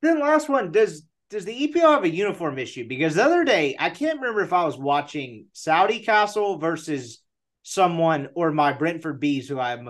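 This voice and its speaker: A man's voice: fairly high pitch, a bit bright. A man hosting a casual sports chat, poking fun at himself as he asks questions. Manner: self-mocking and joking.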